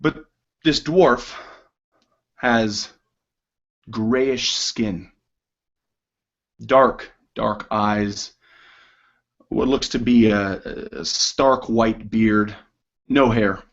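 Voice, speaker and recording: A man running a tabletop game, narrating slowly and carefully with fillers. His voice is mid-pitched, and the recording sounds dull and lo-fi. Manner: unhurried, hesitant with fillers. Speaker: game master.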